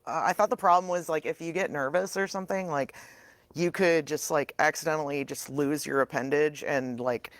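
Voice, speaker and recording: A man's voice: fairly high pitch, steady tone, a little fast, fairly bright tone, no echo. A man playing a gushing young rich social-media fan with bubbly, dramatic, slang-filled talk. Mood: rambling. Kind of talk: comedy improv character.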